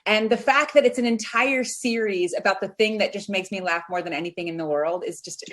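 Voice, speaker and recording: A woman's voice: medium pitch, a little fast, a bit bright. A woman actress talking as a guest in an interview, rambling and giggly. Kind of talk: casual chat.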